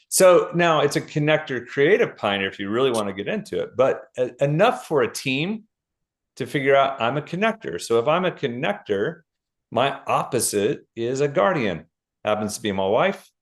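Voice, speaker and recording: A middle-aged man, a guest author explaining ideas in a casual interview with lists and quick examples. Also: mid-range voice, big pitch swings.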